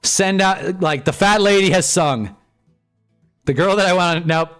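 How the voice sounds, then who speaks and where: A young man hosting a live stream, commenting on a football game as he watches, swinging from glum muttering to excited shouting. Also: high voice, a little slow, clear, resonant tone, soft background music.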